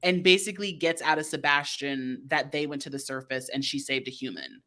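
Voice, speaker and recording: A woman's voice: low-pitched, animated, a little fast, fairly bright tone. A woman co-hosting a podcast, recapping a movie in a chatty, sarcastic way with lots of "like.". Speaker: podcast co-host.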